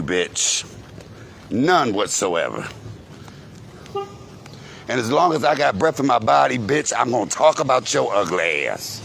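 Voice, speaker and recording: Heading to a grocery store on foot, a man records an outdoor phone vlog in a creaky, mid-range voice. It's a profane ranting monologue: animated, cursing storytelling that insults his family. There's slight background noise.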